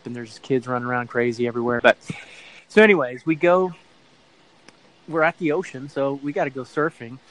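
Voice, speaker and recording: A middle-aged man spins a casual story as an interview guest, meandering and backtracking to fix details. His voice sits at an ordinary middle pitch, easygoing and conversational. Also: brisk, rough recording. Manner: rambling, self-correcting storyteller who acts out quoted voices. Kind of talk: casual anecdote telling.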